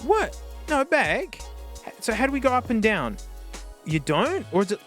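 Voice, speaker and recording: A man, reviewing old music players on camera in a casual, excitable way, laughing and talking to the device. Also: very high-pitched, unhurried. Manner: excitable, animated, laughs often, talks to the device. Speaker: tech YouTuber.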